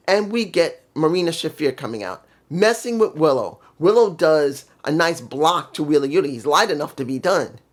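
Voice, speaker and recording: Wrestling vlogger ranting hard, lots of cursing, casual review talk. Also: mid-range voice. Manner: heated, profane ranting.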